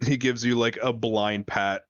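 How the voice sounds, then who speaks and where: A man narrating as dungeon master of a tabletop game, descriptive and halting, with many fillers. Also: mid-range voice, fairly even intonation, no echo, muffled recording.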